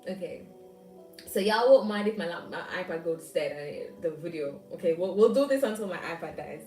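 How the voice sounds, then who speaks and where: A woman's voice: on the low side, lively intonation, fairly quick, darkish tone, reverberant, far from the mic, faint music behind, poor audio. A young woman with a Jamaican accent, chatting casually to her viewers with rambling asides and frequent laughs. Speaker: vlogger. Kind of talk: casual chat.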